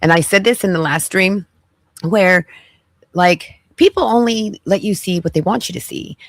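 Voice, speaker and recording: A woman's voice: lowish voice, moderate pace, no echo, studio quality. A woman podcast host giving sassy, preachy commentary as she reacts to clips. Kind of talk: casual commentary.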